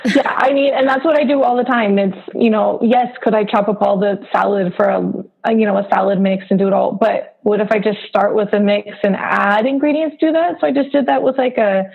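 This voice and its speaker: A woman's voice: mid-range voice, a little fast, gravelly. A woman in her thirties from Hawaii, a food blogger chatting as a podcast guest, full of fillers and easy laughs. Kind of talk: casual interview chat. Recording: phone-like remote line.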